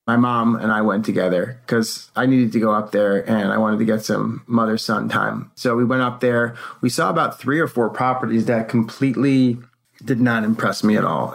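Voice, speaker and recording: Gravelly man telling a story casually. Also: fairly low pitch. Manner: animated, acts out quotes. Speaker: co-host.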